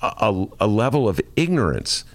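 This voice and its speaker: A male host leads a casual political chat with a gravelly edge to his voice. His pitch swings widely as he jokes and presses his point. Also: normal speed, no room sound. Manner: animated, joking, puts on mocking voices. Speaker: podcast host.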